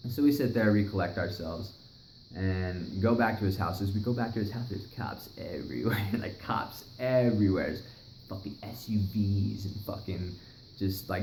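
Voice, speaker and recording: A young man casually telling a wild story, swearing a lot and acting out what people said. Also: deep voice. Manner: profane, animated, acts out other people's lines. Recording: echoey room, faint noise.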